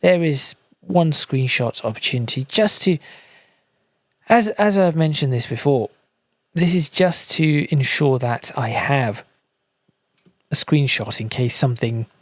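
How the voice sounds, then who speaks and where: A man giving calm, chatty gameplay commentary with dry asides while driving a truck in a game. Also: mid-range voice, unhurried, long pauses, no room sound. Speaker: gaming channel host. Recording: loud truck engine and road noise.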